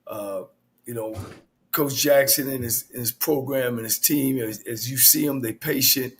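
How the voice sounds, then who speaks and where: A man who is a coach and co-host talks through a football game in a relaxed, rambling way. He leans on "you know" and "uh" between thoughts. His voice is at a middle pitch. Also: a little slow. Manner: loose, full of "you know" and "uh". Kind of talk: casual sports analysis.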